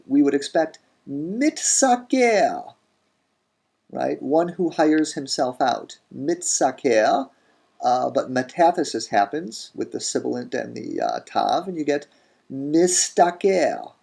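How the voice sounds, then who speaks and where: Slowly and deliberately voicing each word form and saying it again, a male language teacher leads a recorded grammar lecture. His mid-range voice is gravelly, husky and dark.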